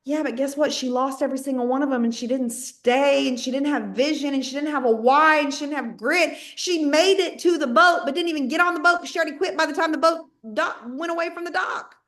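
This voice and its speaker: A high-pitched woman with a drawl, coaching her sales team with folksy, high-energy talk. She slips into other voices to act out what people say. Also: steady tone, a little fast, few pauses, fairly bright tone. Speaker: network marketing team leader.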